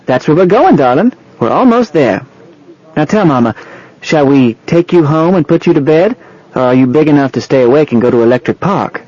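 A bold, affectionate young woman, playful and daring, as a male narrator puts her on. Her lines sit a touch higher and softer than the reading voice. The sound is muffled and lo-fi. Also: animated, brisk, no room sound. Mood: coaxing.

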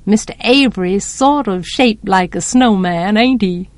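A woman's voice: mid-range voice, measured pace, no room sound, natural voice. A woman voicing an earnest, inventive boy of about twelve in a storybook reading, eager and confident.

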